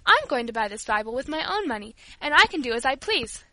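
A woman's voice: sits high, sing-song, fairly quick, sharp tone, dry recording, exaggerated voice, poor audio. A woman voicing an old, blunt but humble woman servant who speaks emphatically. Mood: emphatic. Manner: emphatic, exclaiming.

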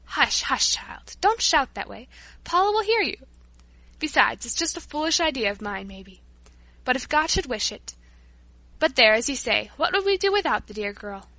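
A woman voicing Teresa, a kindly, motherly grown woman who speaks softly, gently and a little hesitantly. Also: sits high, very animated, normal speed, dry recording, exaggerated voice, poor audio. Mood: gentle.

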